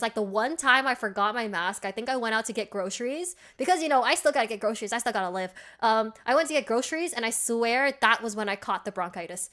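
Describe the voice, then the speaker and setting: A bubbly woman streamer with a slightly high voice chats away casually to her viewers. She laughs a lot and answers her chat as she goes. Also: fairly bright tone. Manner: bubbly and chatty, laughs often, reacts to chat.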